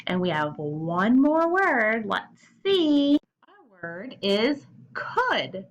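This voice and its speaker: A woman teaching young children sight words, sounding out letters clearly and cheering them on. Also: on the high side, very animated, drawn-out words, muffled recording. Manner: encouraging, cheerful. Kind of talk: early reading lesson for young children.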